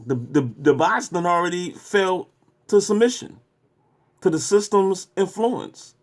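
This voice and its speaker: A man's voice: high voice, expressive, measured pace. A man hosting, giving loose, profane, slangy commentary on a clip he is replaying. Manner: loose, slangy, heckling interjections. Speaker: host reacting to a clip.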